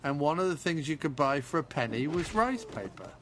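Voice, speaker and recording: A man's voice: a little high, big pitch swings, a little fast, slight background noise. A man in casual comedic banter, joking around and slipping into silly character voices. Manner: jokey, slips into put-on character voices.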